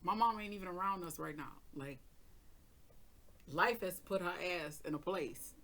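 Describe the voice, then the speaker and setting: Bright-voiced woman telling a story animatedly. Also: lowish voice, normal speed. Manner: animated, emphatic, swears freely and acts out her own side of the argument. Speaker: tarot reader and channel host. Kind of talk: casual storytelling vlog.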